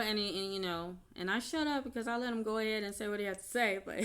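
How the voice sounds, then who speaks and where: A woman's voice: medium pitch, quick pace, fairly bright tone, clear, resonant tone. A woman telling a personal story in an unscripted vlog, chatty and laughing often between her sentences. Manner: chatty, with many fillers and restarts. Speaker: vlogger.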